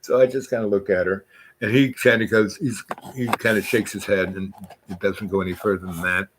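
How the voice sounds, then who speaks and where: An older man with a fairly low, voice spins a long tale in a loose, rambling way. He jumps between thoughts and now and then slips into the voices of the people in his story. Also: fairly quick, background noise. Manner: rambling, animated, acts out voices in quotes. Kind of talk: casual spoken storytelling.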